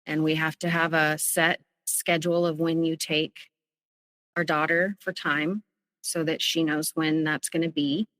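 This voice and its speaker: A woman with a notably low-pitched voice recounts her own experience as a podcast guest. She speaks earnestly and haltingly, often breaking off and restarting her sentences. The voice sits close and dry on the mic, with a faint, long reverb tail behind it. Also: level tone, fairly bright tone. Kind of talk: personal storytelling.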